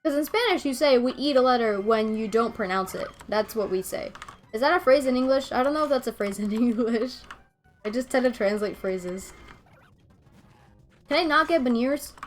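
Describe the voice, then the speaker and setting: A woman's voice: on the high side, lively intonation, faint music behind. Chatty young woman streamer from Venezuela. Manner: chatty, rambling, quick to laugh. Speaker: game streamer. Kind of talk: casual chat with stream viewers.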